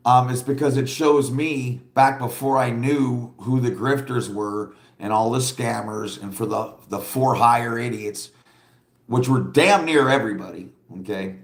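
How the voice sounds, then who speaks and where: A man talks casually to his livestream viewers, rambling and blunt, often breaking into laughter as he reads their comments. His voice sits at an ordinary middle pitch. The sound carries a roomy echo. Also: a little slow. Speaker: livestream host.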